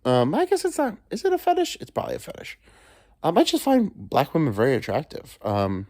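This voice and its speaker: A man's voice: a little high, wildly swooping pitch, fairly quick, a little mellow, no room sound, studio quality. A man hosting a solo podcast from home, rambling crudely with joking asides. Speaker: podcast host. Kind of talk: casual solo monologue. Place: alone at home.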